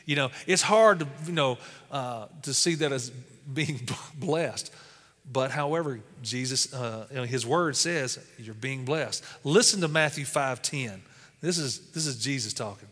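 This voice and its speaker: A man's voice: mid-range voice, measured pace, fairly bright tone, in a large hall. A man preaching a sermon as pastor, speaking conversationally with lots of "you know" fillers.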